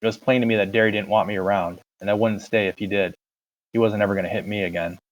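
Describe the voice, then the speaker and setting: Low-voiced man reading a novel aloud. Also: steady tone, fast, dull audio. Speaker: audiobook reader.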